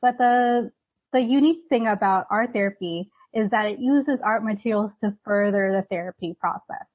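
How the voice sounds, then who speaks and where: A woman art therapist, guest on a podcast, explaining her work in a relaxed chatty way. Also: mid-range voice, normal speed, narrow, tinny audio. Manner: relaxed, explaining, many ums and likes. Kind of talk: casual interview chat.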